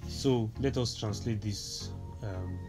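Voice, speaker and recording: A man from Nigeria walks through a phone tutorial, pausing often, repeating words and filling gaps with ums. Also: on the low side, over music. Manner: hesitant, repeats words, many fillers, instructive. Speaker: tech tutorial presenter. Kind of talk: screen reader tutorial walkthrough.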